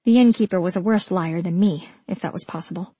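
A woman narrating a first-person audiobook in a measured, intimate way. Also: lowish voice, warm tone, slightly rough, no echo.

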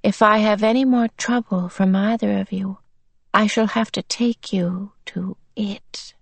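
A woman voicing a cold, sinister little boy under a possessing mind, speaking in a flat, monotonous way. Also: mid-range voice, normal speed, vocal fry, no room sound. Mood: menacing.

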